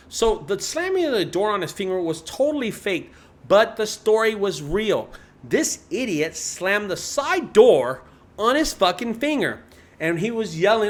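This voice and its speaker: Casual, profane man, slightly high voice. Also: animated, normal speed. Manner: loose, profane, rambling, frequent restarts. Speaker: junk removal business owner. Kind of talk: casual livestream chat with viewers.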